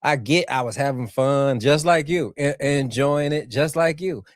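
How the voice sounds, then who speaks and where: Man, middle-aged, podcast co-host, measured, reflective, mid-pitched, dry close mic. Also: no echo. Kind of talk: casual podcast chat.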